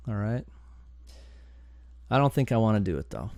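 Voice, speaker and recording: A man hosting a domain investing channel, talking through a live screen-share tutorial in an excitable, chatty way, thinking aloud as he goes. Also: on the low side, moderate pace, no echo. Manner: excitable and chatty, bursts of enthusiasm and groans.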